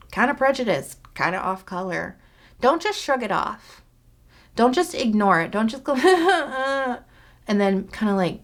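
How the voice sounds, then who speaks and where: A woman vlogger talking earnestly to camera, pleading and repeating herself for emphasis. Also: medium pitch. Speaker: skincare YouTuber. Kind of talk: earnest direct-to-camera talk.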